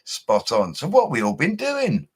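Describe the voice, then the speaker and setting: A man's voice: on the high side, huge pitch swings, a little slow, breathy edge. A young man, hosting a casual livestream, reading out viewer comments in a laid-back, slangy way. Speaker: bricklayer livestream host. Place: home setup he calls a studio.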